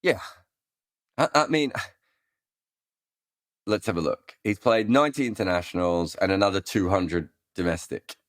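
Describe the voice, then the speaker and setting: Low-voiced rambling man. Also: moderate pace, pauses often, no room sound, clean studio sound. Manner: rambling, many ums and restarts. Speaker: cricket analyst host answering listener questions. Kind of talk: casual live Q&A chat.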